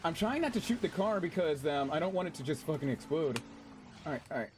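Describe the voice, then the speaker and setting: A man streaming a game, chatting casually with his audience in an excitable, chatty way and swearing freely. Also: on the high side, fast, a little hiss or hum. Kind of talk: casual gameplay commentary.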